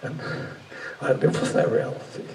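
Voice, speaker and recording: A man's voice: normal speed, darkish tone, slight background noise. A man giving a reflective public talk to an audience, earnest and searching, often restarting his sentences. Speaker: guest speaker. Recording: echoey hall from far off, faint ambience.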